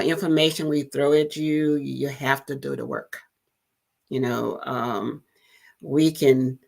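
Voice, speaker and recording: Low slow lady hosting a pep talk, kinda gravelly, lots of ums. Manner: slow and gentle, with many fillers and restarts. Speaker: host. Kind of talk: encouraging podcast talk.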